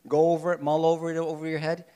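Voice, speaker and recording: A man preaching a sermon with animated delivery, sometimes acting out voices from the story. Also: a little high, fast talker, smooth. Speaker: pastor.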